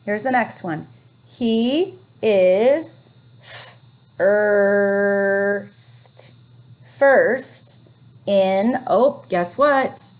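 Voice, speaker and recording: A woman teacher leading a phonics lesson for young children, reading words slowly and encouragingly. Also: a little high, animated, darkish tone. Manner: slow, encouraging, drawn-out reading.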